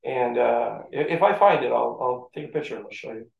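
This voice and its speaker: A middle-aged man, a former football player telling animated stories from his playing days in a casual interview. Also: mid-range voice, fairly quick, creaky, dull audio. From St. Catharines, Ontario, Canada. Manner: animated storyteller who acts out the voices in his story. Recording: echoey room.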